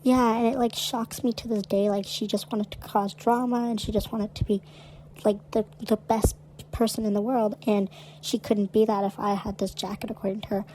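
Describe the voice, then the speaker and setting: A woman's voice: medium pitch, level tone, moderate pace, darkish tone, a little hiss or hum, rough recording. A woman co-hosting a podcast, chatting casually and recounting a story with lots of "like" in her speech. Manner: chatty, heavy use of "like". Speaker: podcast co-host.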